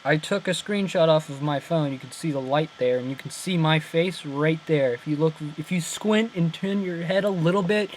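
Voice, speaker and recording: Young guy chatting about an episode, kinda high voice, keeps correcting himself and laughing, faint noise behind. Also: moderate pace, hardly any pauses, rough recording. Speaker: channel host breaking down an episode. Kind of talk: casual chat.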